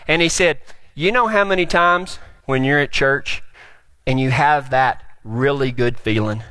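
A man's voice: medium pitch, a little slow, no room sound. A man preaching a folksy, joking sermon as pastor. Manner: folksy, joking, builds to shouts.

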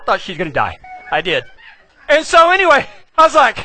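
A middle-aged pastor with a West Texas accent tells a funny story in an animated, folksy humorous sermon, talking fast. His high, bright voice swings widely in pitch. The sound is dry and close, with slight background noise.

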